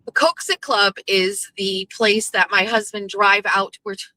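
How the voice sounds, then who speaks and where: A woman's voice: mid-range voice, level tone, sharp tone, slight background noise, poor audio. A woman, hosting her show and telling a casual, profane story, quoting the people in it. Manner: chatty and profane, quoting others in quick back-and-forth. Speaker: host.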